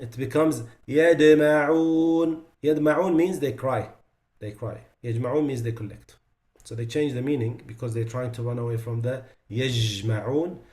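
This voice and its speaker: Man teaching recitation, modeling sounds slowly. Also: mid-range voice, a little mellow. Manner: explanatory, demonstrates pronunciations slowly and repeats them; loose, conversational asides with fillers. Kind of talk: online class lecture.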